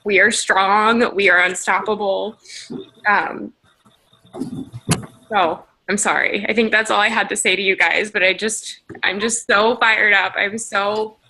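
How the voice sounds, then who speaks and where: A woman's voice: medium pitch, steady tone, a little slow, bright, forceful tone, slightly rough, rough recording. A woman leading a team video call, giving an emotional motivational pep talk in a shaky, tearful, gushing way.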